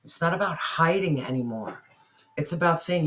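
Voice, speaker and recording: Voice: mid-range voice, expressive, moderate pace, a bit bright. Earnest tarot reader speaking to viewers. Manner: earnest, repeats phrases, talks directly to listener; asks spirit questions aloud while drawing cards. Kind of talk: tarot reading addressed to viewers.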